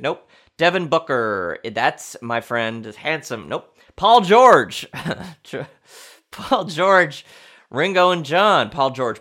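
A man's voice: mid-range voice, pushed and bright. A man hosting a casual solo podcast, rambling and mocking himself as he thinks aloud. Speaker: podcast host.

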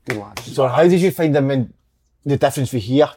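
A Scottish man co-hosting a casual chat, talking quickly in friendly banter. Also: medium pitch, animated, mellow, a little hiss or hum.

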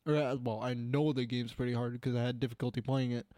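A man's voice: medium pitch, little pitch movement, fast, warm tone, no room sound, studio quality. A man from Canada chatting casually with friends, rambling with lots of "like" and restarts. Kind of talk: casual chat.

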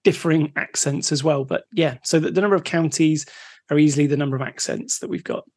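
A man's voice: on the high side, quick pace, a little mellow, breathy edge. A man co-hosting a podcast, chatting casually, steering the talk and asking the questions. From United Kingdom. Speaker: podcast co-host.

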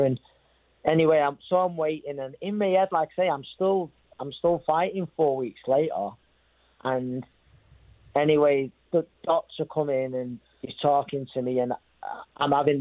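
A man's voice: mid-range voice, no echo. Man telling a story over a thin line. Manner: rambling, repeats himself, quotes others. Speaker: boxer telling his story. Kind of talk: interview storytelling. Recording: thin phone-like sound.

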